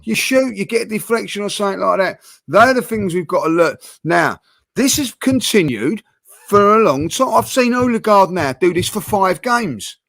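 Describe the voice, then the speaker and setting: Passionate man with a fairly high voice. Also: normal speed, vocal fry, no echo. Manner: passionate, animated, heavy use of fillers and restarts. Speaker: host of a football fan channel. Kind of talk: casual football debate with co-hosts.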